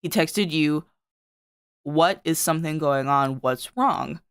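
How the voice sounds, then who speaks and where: A woman's voice: deep voice, takes it slowly, clean tone, dry recording. A woman streamer reading her old fan fiction aloud to friends, breaking off to swear and comment.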